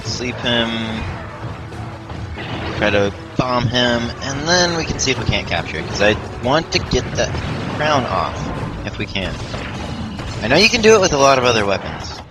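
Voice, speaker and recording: Over game music, a man with a medium-pitched, sing-song voice talks at a moderate pace, leaving long pauses. He's a let's play commentator offering casual, rambling gameplay commentary, mocking himself and constantly restarting or using fillers. The audio is poor.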